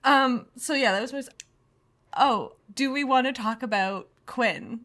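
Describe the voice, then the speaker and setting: A woman's voice: sits high, a little slow, fairly bright tone. A woman co-hosting a podcast in casual chat, blunt and playful, swearing freely and giggling. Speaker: podcast co-host.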